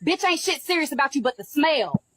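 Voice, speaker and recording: A woman's voice: high-pitched, lively intonation, brisk, a bit bright, dry recording. A woman playing a foul-mouthed old grandmother who hurls savage curse-laden insults at her granddaughter. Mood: insulting. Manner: savage cursing put-downs.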